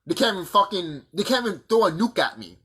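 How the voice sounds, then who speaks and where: Profane ranting husky man. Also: high-pitched, lively intonation, quick pace, sharp tone. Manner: profane, combative, rhetorical questions. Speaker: vlogger. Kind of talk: ranting monologue to camera.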